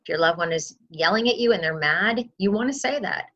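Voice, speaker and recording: A woman's voice: on the low side, lively intonation, fairly quick, hardly any pauses, a bit bright, lo-fi sound. A woman who works as a memory outreach specialist, giving earnest advice in an interview and acting out what a caregiver might say.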